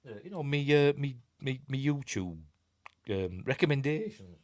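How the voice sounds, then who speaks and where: Chatty Yorkshire man, lively voice. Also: medium pitch, moderate pace. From Yorkshire, England. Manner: rambling, reads viewer comments and answers them, chuckles often. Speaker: host of a film review livestream. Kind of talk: casual live-stream chat.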